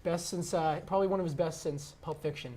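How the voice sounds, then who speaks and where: A man's voice: on the high side, steady tone, fairly quick, mellow. A young man co-hosting a casual sports debate, sarcastic and full of jabs. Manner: sarcastic, keeps tagging lines with "all right?". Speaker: co-host.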